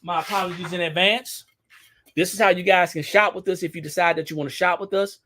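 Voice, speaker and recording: High, bright Louisiana man on a live stream. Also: fairly even intonation, fast talker, a little hiss or hum. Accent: Louisiana Southern. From Baton Rouge, Louisiana. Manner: chatty, repeats himself, addresses viewers directly. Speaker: shop owner hosting a live sale. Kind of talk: casual live-stream product demo.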